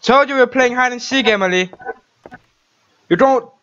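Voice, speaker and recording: A man's voice: extremely high pitch, normal speed, sharp tone, dull audio. A man hosting a horror let's-play, jumpy and swearing as he talks to the game character. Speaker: gaming channel host.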